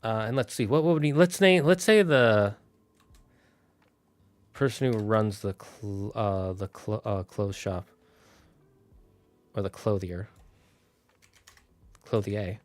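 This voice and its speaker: A man's voice: fairly low pitch, dry recording. Man thinking aloud on a solo stream. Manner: thinking aloud, halting and restarting. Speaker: streamer building a fantasy world. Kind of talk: casual solo stream chat.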